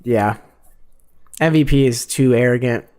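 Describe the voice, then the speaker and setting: A man's voice: medium pitch, unhurried, a little mellow, clean tone. Rambling, profane young man. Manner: rambling, profane fight breakdown with many fillers. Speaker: podcast co-host. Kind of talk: casual chat.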